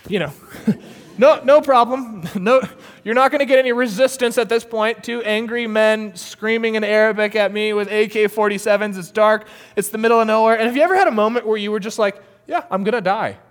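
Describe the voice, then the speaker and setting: Telling a story casually, an American missionary storyteller sounds animated, laughing often and leaning on many fillers. His voice is high-pitched, clear and resonant, his pace brisk, with a long reverb tail behind it.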